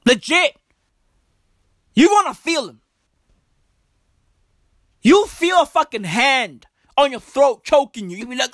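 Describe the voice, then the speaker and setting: Woman slow, swooping profane comedic rant. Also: sits high, lively intonation, no room sound, studio quality. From Africa. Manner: profane, emphatic, slangy, repeats "bruv" and "broski".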